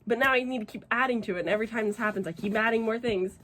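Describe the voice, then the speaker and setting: A woman's voice: fairly high pitch, racing, a bit bright. A woman chatting casually to camera at home as a reading vlogger, gushing and exclamatory, swearing freely. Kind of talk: casual vlog chat to camera.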